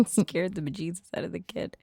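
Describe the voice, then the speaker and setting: A woman's voice: on the low side, lively intonation, normal speed, vocal fry, mellow, husky, dry recording, clean studio sound. A woman co-hosting a podcast, asking curious questions with enthusiasm in casual chat. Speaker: podcast co-host.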